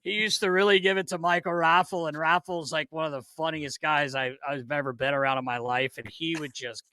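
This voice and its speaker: Animated, laughing man telling hockey stories. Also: a little high, a little fast, dry recording. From Philadelphia. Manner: animated, laughs often, swears. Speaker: podcast co-host, former player. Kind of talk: casual storytelling chat.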